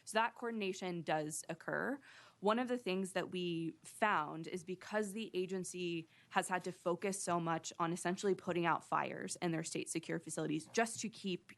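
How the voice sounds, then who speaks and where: A woman testifies at a legislative hearing and explains policy in a measured way. Her voice is low and gravelly, with a fry at the ends of phrases. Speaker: sunset commission staff witness.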